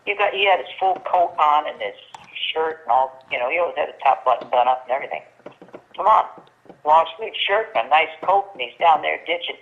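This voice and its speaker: Older female guest on a phone line, animated storyteller who plays out the quotes. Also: low-pitched, brisk. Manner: lively storyteller acting out quoted dialogue, many restarts. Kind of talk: storytelling in casual chat. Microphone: telephone.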